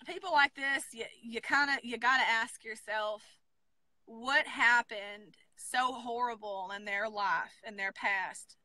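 A woman's voice: a little high, slow, sharp tone, no room sound. A woman, talking in a brash, profane way in a casual chat as co-host. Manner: brash, profane, storytelling with acted quotes.

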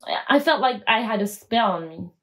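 A woman guest telling her story in a podcast interview, animated and acting out quoted dialogue, with frequent restarts. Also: medium pitch, normal speed.

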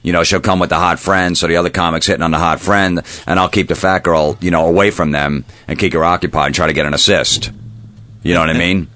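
A male comedian reels off a wry anecdote at a rapid clip. His voice sits fairly low and sounds dry and close to the mic. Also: fairly even intonation, bright, forceful tone, no echo. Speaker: comedian guest. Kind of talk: comedic storytelling. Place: radio studio.

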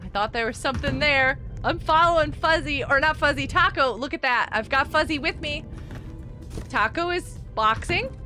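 A woman hosting a live gaming stream, chatting excitably as she plays and reads out and thanks viewers from the chat. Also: high-pitched, normal speed, faint music behind.

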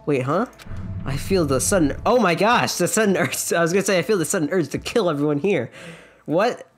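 A woman's voice: lowish voice, expressive, brisk, faint music behind. A young woman giving jokey, giggly commentary on a video game and reading its dialogue aloud. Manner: jokey, giggly, self-interrupting. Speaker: let's play streamer.

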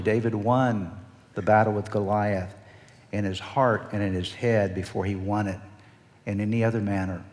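A man delivering a sermon from the pulpit, his voice sitting a little low. He leads the congregation in call-and-response and slows down on key phrases for weight. The sound carries the long reverb of a church sanctuary. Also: a little hiss or hum. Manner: slow, drawn-out emphasis on key phrases. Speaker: pastor.

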